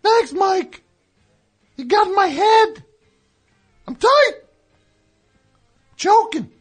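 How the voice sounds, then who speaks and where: A man's voice: very high voice, lively intonation, drawn-out words, soft background music, full character voice. A man voicing a hacky, touchy male squirrel comic who tells corny jokes and grumbles, in a studio comedy bit. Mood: wisecracking. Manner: corny joke-telling, self-pitying grumbling. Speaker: recurring comedy character. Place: radio studio.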